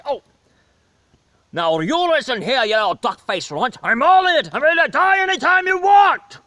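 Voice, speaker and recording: A man's voice: very high-pitched, animated, normal speed, sharp tone, no room sound, voice pushed up, full character voice. A man putting on a boastful, touchy impression of a suave male spy for a comedic sketch. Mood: indignant. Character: cocky suave male spy in a Sean Connery Bond impression.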